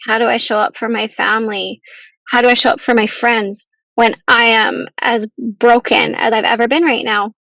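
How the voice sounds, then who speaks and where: A woman telling a painful personal story as a podcast guest, earnest and halting, at times close to tears. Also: a little high, level tone, a bit bright, no echo, rough recording. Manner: earnest, halting, with restarts and ums.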